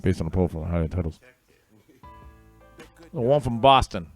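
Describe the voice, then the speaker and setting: A man's voice: sits low, expressive, moderate pace, soft background music. A man casually hosting a livestream trivia game, reading answers and making rambling offhand asides. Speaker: trivia host.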